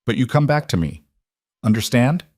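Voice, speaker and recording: A man's voice: mid-range voice, animated, normal speed, darkish tone, husky, dry recording, pitched above the performer's own voice. A man voicing a stubborn, frightened young woman who argues back, with a dry close sound. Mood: pleading.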